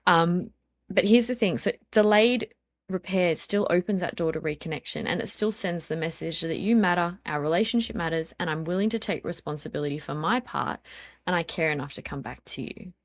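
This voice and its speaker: A woman's voice: lowish voice, brisk, no echo. A woman in her thirties, a guest on a parenting podcast, talking earnestly through personal stories with frequent ums and likes. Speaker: interview guest, parenting speaker. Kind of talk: reflective podcast conversation.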